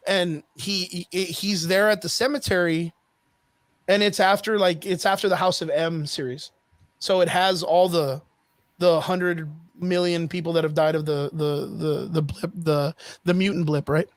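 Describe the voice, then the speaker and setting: A man with a fairly high voice tells a story in an animated, profane, filler-heavy way. He speaks as a podcast guest into a close mic. The sound is dry. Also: moderate pace, no echo. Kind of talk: casual chat.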